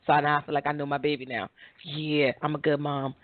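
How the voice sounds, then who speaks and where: A woman hosting a podcast, chatting casually and telling stories in an animated way, laughing often. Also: sits low, brisk. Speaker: podcast host. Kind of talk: casual chat. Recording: tinny phone-like line, dry.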